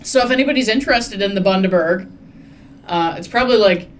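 A woman's voice: medium pitch, fast talker, a little hiss or hum. A young adult woman, hosting a casual podcast chat in a rambling, wry and profane way. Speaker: podcast host.

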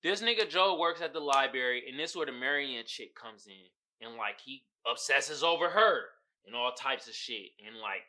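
A young man on a podcast, speaking in a mid-range voice at moderate speed, goes over a show's events casually and with plenty of swearing. His recap is animated, punctuated by laughter and impressions of the characters.

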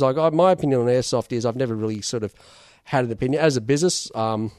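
A man's voice: medium pitch, fast, smooth, dry recording. Rambling Australian man, very dry sound. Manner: rambling, relaxed, many fillers. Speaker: interview guest, toy seller. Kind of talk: casual interview talk.

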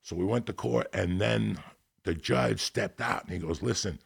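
A man telling a personal story as a guest, animated and heavy on profanity. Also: fairly low pitch, moderate pace, vocal fry, breathy edge. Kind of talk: storytelling in a conversation.

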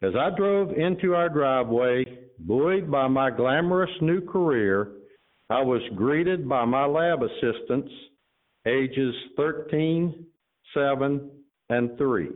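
Through a tinny, phone-like recording, a medium-pitched male pastor speaks slowly with lively intonation, alternating earnest urging and offhand remarks to his congregation, then reading a story aloud.

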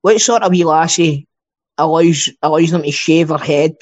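This Scottish podcast co-host talks casually, wandering off topic and cursing freely. He speaks at a moderate pace in a voice on the high side, and the sound quality is dull and lo-fi.

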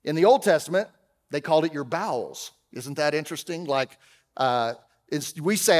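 A man preaching a sermon as pastor, conversational, with humorous asides, swinging from loud emphasis to quiet. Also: fairly high pitch, animated, moderate pace, long reverb tail. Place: church auditorium.

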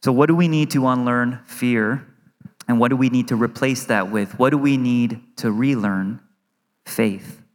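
Male pastor, thirties, middle-register voice, conversational sermon with quick acted-out asides; church hall with long reverb. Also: mid-range voice. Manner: earnest, acts out inner worries in quick asides. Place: church sanctuary.

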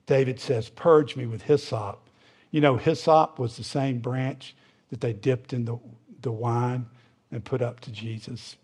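A man's voice: medium pitch, steady tone, unhurried, darkish tone, husky. A man preaching a sermon in a conversational way, with fillers, rising to fervent emphasis at times.

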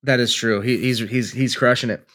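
A man's voice: mid-range voice, steady tone, moderate pace, fairly bright tone. A man co-hosting a casual podcast, a flight instructor who laughs easily and talks loosely with some swearing.

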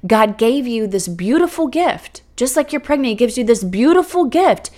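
A woman giving a faith-based encouragement talk, earnest and animated, acting out worried inner voices and repeating key phrases for emphasis. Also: moderate pace. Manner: animated, acts out worried inner voices with big swings in pitch and loudness. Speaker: motivational speaker for people starting schools.

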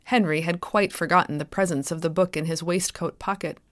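A woman author narrating her own short story in a clear, measured storytelling voice. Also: lowish voice, steady tone, fairly bright tone, dry recording, studio quality. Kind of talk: scripted narration.

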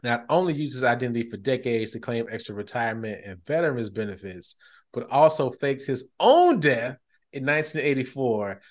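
Animated man hosting a casual podcast. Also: medium pitch, moderate pace. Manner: animated, jumps into loud excited bursts. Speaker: podcast host. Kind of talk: casual chat.

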